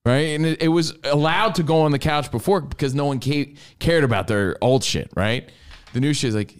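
A man's voice: fairly high pitch, brisk, clean tone. A man hosting a casual comedic chat, telling a story animatedly, acting out quotes and swearing freely. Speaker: show host.

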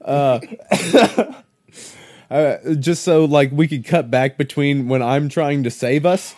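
A man's voice: on the high side, slow, a little mellow. A man hosting a podcast in casual chat, easygoing and joking as he steers the talk. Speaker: podcast host.

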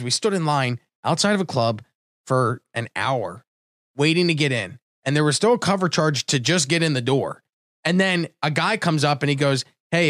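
A man's voice: mid-range voice, a bit bright, no room sound, studio quality. A man in casual chat, teasing his guests and laughing often.

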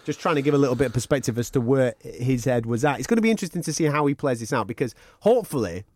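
Fast, animated man. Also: mid-range voice, dry recording, clean studio sound. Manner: animated, quick, mock quotes. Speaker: podcast co-host. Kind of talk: casual sports chat.

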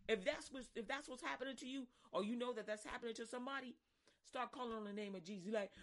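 Animated, higher-voiced woman preaching casually. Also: quick pace. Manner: conversational, animated, acts out little scenes. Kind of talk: casual sermon.

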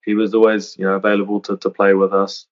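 A man in his thirties talks earnestly as a podcast guest, often restarting phrases. His voice sits low and stays level. The recording sounds dull and lo-fi. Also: completely flat delivery, fast. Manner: earnest, many restarts and "you know" fillers. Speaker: podcast guest, retired rugby player. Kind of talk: reflective interview talk. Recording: dull lo-fi audio.

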